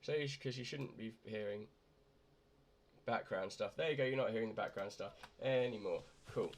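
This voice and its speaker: A young man from Britain, hoarse and croaky from a night of drinking, rambling crudely through casual gameplay commentary. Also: on the low side, moderate pace. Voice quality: raspy, croaky. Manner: rambling, crude, self-mocking. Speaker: gamer. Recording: loud background noise.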